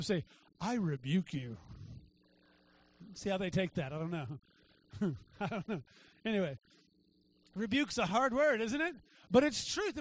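A man preaching a sermon to his church, talking in a casual way and checking in with the congregation with quick asides. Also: extremely high pitch, fairly bright tone. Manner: conversational preaching with frequent "right?" asides. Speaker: pastor. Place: church sanctuary.

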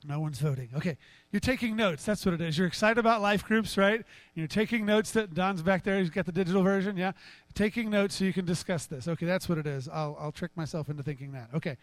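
Joking, high-voiced male pastor preaching. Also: fast talker, dry recording. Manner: conversational, joking with the congregation; acts out Bible dialogue in a raised, animated voice. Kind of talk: sermon.

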